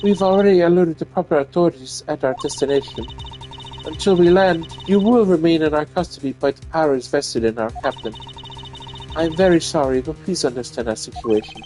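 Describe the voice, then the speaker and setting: A man voicing a poised, stern female flight attendant, pitched well above his own voice, making polite but firm announcements. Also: a little fast, warm tone, soft background music, lightly acted.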